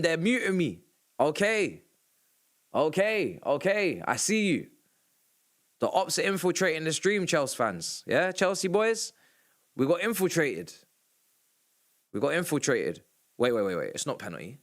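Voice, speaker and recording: High-pitched exasperated football streamer. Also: male voice, big pitch swings, normal speed. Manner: sarcastic, exasperated, swears, shouts at refereeing calls. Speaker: livestream host reacting to a football match. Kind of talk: live match reaction stream.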